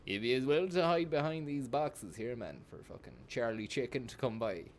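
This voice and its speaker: Male streamer, mid-pitched, swears constantly, jokey running commentary with sudden yells. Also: moderate pace, slight background noise. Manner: sweary, joking, bursts into shouts. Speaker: gaming streamer. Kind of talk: live gameplay commentary.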